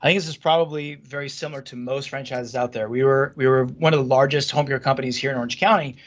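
Man, franchise executive guest, rambling, animated, restarts a lot, video call, muffled lo-fi audio. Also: medium pitch, fast. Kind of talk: casual podcast interview. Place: home office at a standing desk.

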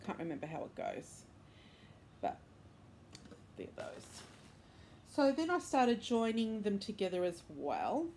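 A woman's voice: medium pitch, wildly swooping pitch, normal speed, darkish tone, a little hiss or hum. Chatty woman showing her crochet. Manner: chatty and rambling, with fillers and self-corrections; enthusiastic, upbeat. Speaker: crochet and knitting podcast host. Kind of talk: casual show-and-tell chat. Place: indoors at home, bedroom.

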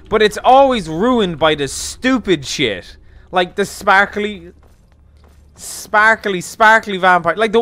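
A man riffs through a game playthrough in a rambling, sarcastic rant. His voice sits high and swings widely in pitch, with a bright edge. The sound is dry and close. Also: no room sound. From Ireland. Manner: rambling, sarcastic, jokey ranting. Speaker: gaming streamer. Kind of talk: casual let's play commentary.

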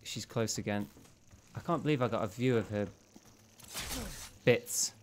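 A man's voice: lowish voice, measured pace, slight background noise. Jumpy man swearing through a horror game. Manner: jumpy, swearing, panicky outbursts. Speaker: gameplay channel host. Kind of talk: horror let's play commentary.

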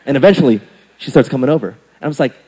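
A young man preaching a sermon as pastor, telling a playful story and acting out quotes with big jumps in pitch and loudness. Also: racing. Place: church sanctuary. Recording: church hall with long reverb.

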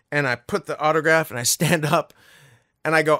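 A man, a guest voice actor, telling a story in a casual interview, animated and swearing freely. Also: on the high side, a little fast, dry recording, studio quality.

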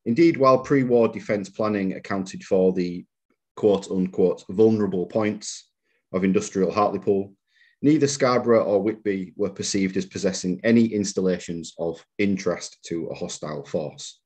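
A man giving a public history lecture as a museum lecturer, measured and reading out quotations with occasional fillers. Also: deep voice, a little mellow. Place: lecture room.

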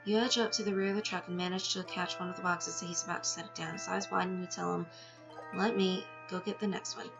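A woman's voice: fairly low pitch, flat delivery, rapid-fire, vocal fry, hardly any pauses. A woman reading a text game aloud with her own asides, now and then tripping over words and laughing at herself. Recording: dull lo-fi sound with music behind.

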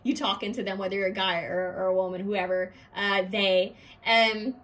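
A woman's voice: medium pitch, moderate pace. A woman giving a pick-a-card tarot reading in a chatty, intuitive way, often saying what she is hearing. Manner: lively, acts out quoted voices.

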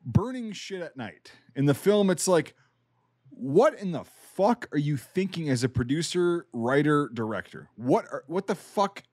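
A man's voice: fairly high pitch, very animated, unhurried, a little mellow, no echo, clean studio sound. A podcast host talking about his army service and a film in a blunt, profane, sarcastic way. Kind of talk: casual podcast chat.

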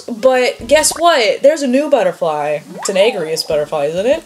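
A woman chatting excitedly and swearing lightly as she comments on a game she is playing. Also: fairly high pitch, moderate pace. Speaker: gamer. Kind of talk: casual gameplay commentary.

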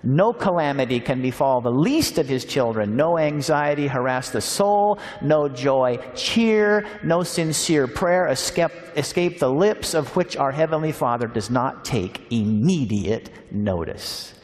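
A man giving a sermon at a seminar, telling stories and slowing down on key phrases. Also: mid-range voice, expressive. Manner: warm storytelling, slows for emphasis. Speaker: speaker at a Christian seminar. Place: large hall. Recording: long hall reverb.

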